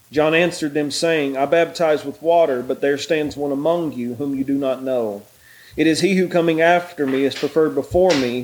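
A man leading a bible study, praying and reading scripture aloud in a relaxed, halting way with many fillers. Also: fairly high pitch, a little hiss or hum, poor audio. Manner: reads scripture aloud in a raised voice.

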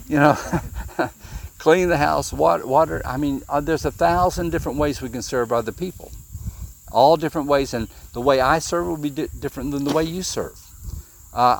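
A man delivers a casual sermon in an ordinary mid-range voice. He talks plainly and informally, stopping to restart sentences and voicing the quoted dialogue as he retells the story. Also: medium pitch. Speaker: preacher. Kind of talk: conversational sermon.

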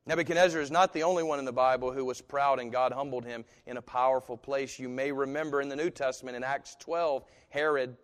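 Pastor preaching in a reverberant hall. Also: male voice, medium pitch, steady tone. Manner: dramatic swings from hushed to loud, slow emphatic phrasing. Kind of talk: sermon. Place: church sanctuary.

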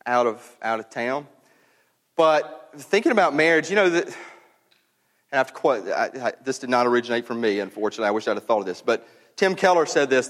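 A man pastor preaching a sermon, chatty and storytelling, stopping and restarting as he goes. His voice carries a long reverb from a church sanctuary. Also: mid-range voice. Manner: conversational, animated storytelling with many fillers and restarts.

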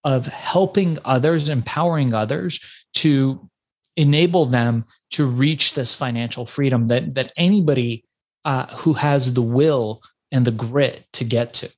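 A man's voice: medium pitch, normal speed. Iran-born man telling his story. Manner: animated storyteller with frequent restarts. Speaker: podcast guest. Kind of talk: casual interview storytelling.

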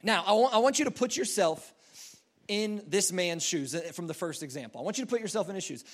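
A man with a fairly high voice gives a sermon as a loose, conversational story. He talks the way people chat, padding lines with fillers and restarting sentences. Now and then he acts out the people in his story. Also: lively intonation, brisk. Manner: rambling and conversational, full of "like" and restarts. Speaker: preacher.

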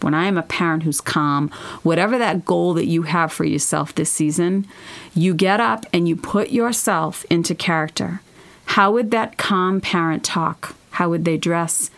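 A middle-aged woman with a lowish, gravelly voice talks earnestly on her self-help podcast. She coaches her listeners, piling up rhetorical questions as she goes. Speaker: podcast host. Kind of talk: motivational self-help talk.

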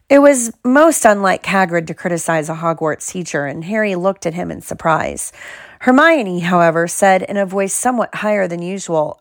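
Low-voiced woman reading a storybook. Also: normal speed, no room sound, studio quality. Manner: steady storytelling read. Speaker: audiobook narrator. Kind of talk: scripted narration.

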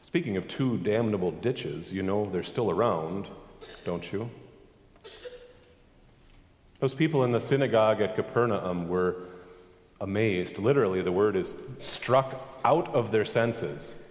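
A man's voice: on the low side, moderate pace, darkish tone, reverberant, big-room sound. A man preaching a sermon as pastor, emphatic and full of rhetorical questions.

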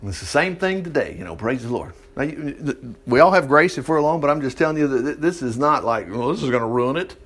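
A man's voice: fairly high pitch, expressive, fast, a bit bright. A man reading a Bible passage aloud and breaking off into chatty, exclaiming commentary, sometimes losing his place. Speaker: Bible teacher.

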